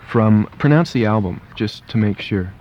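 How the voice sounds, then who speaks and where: A fairly low-voiced man hosts a casual studio radio interview, chatty and quick, stumbling into fillers and restarts. The sound is dull and lo-fi like old archival radio tape, with a faint hiss behind him. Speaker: radio disc jockey host.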